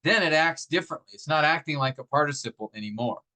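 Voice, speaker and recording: On a low-quality recording, a slightly high, expressive male voice with a pushed, bright quality walks a class through grammar. He is patient and methodical, throws out rhetorical questions, stumbles with fillers and restarts, and slows to emphasize example phrases.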